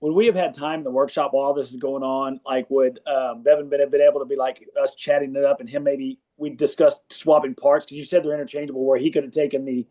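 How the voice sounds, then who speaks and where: A man's voice: medium pitch, flat delivery, fast, few pauses, warm tone, dull audio. A man playing a tabletop game, asking rules questions in a chatty way. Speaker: player. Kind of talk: casual tabletop play.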